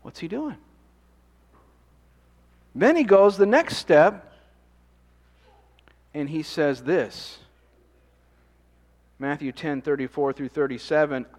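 A man's voice: fairly high pitch, expressive, slow, long pauses, darkish tone, in a large hall. A man preaching a sermon in a conversational way, often asking the congregation questions. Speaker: pastor.

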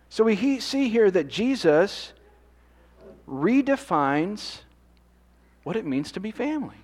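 A man's voice: high-pitched, big pitch swings, a little slow, pauses often, a little mellow, big-room sound. A man preaching a sermon in a conversational way, often asking the congregation questions. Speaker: pastor.

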